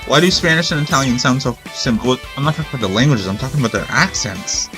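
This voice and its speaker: A man's voice: medium pitch, racing, over music. A man commenting casually during a game playthrough, rambling and thinking aloud while he questions himself. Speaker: gamer. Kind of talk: let's play commentary.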